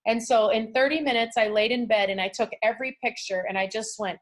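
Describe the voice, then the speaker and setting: A woman's voice: a little high, fairly even intonation, fast talker, few pauses. A middle-aged woman from California giving a motivational talk to a group in a chatty storytelling way, acting out what people say. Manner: chatty, storytelling, acts out quotes. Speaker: motivational speaker.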